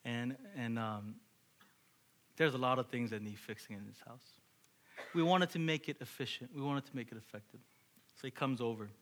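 Bright-voiced preacher telling a lively story. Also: male voice, mid-range voice. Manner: animated, acts out dialogue, drops to whispers for emphasis. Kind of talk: sermon illustration storytelling.

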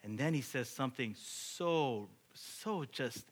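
A man preaching a sermon to his congregation, animated, asking rhetorical questions and building up to loud, excited peaks. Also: mid-range voice, normal speed, hardly any pauses. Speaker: pastor.

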